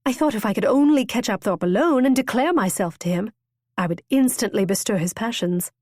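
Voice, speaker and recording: A woman's voice: on the high side, expressive, a little fast, no echo, studio quality. A woman voicing an impulsive, witty young noblewoman who tells her tale eagerly and theatrically. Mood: lively. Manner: bright, eager, storytelling.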